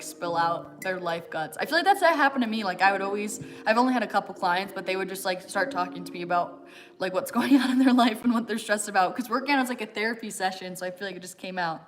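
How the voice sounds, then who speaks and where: A young American woman chats through a fitness livestream, answering questions with a loose, rambling flow full of fillers and quick laughs. Her voice sits at an ordinary middle pitch. Faint music plays in the background. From United States. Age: 20s. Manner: chatty, many fillers and "like", laughs often. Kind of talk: casual chat answering viewer questions.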